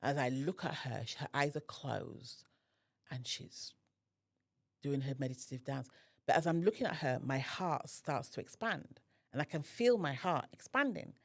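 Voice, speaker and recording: A woman's voice: very deep voice, normal speed, vocal fry. A woman, a podcast guest, telling a personal story in conversation and acting out the other people's voices. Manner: animated, acts out the voices of others in her story.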